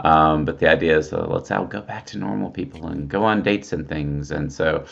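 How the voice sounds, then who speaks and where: Man in his fifties, co-host, very low voice, easygoing, dull lo-fi sound. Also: normal speed, gravelly, fairly bright tone. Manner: easygoing listener with frequent affirmations. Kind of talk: casual livestream chat.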